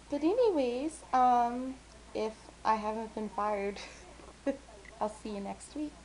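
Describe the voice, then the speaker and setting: A woman's voice: a little high, expressive, measured pace, low-quality recording. A young woman casually vlogging, rambling with lots of fillers, self-deprecating and talkative, sometimes mumbling. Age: young adult. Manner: chatty, self-deprecating, quotes friends in bright squealy voices.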